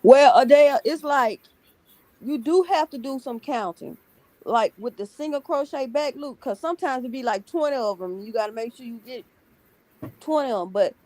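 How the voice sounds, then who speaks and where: A woman in a relaxed, informal chat, explaining crochet patterns plainly and laughing at herself. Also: sits high, moderate pace, dry recording, low-quality recording. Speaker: guest on a livestream. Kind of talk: casual chat.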